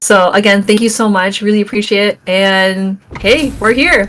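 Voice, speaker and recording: A woman co-commentating a live fighting-game tournament, upbeat and quick to laugh, thanking viewers and reading the play. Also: medium pitch, noisy background. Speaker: esports co-commentator.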